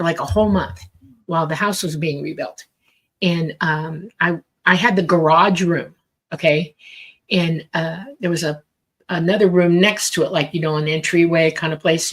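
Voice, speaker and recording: Woman, psychic medium, casual storytelling, lower pitch, fillers. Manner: rambling, filler-heavy, acts out quoted dialogue. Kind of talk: casual storytelling on a talk show.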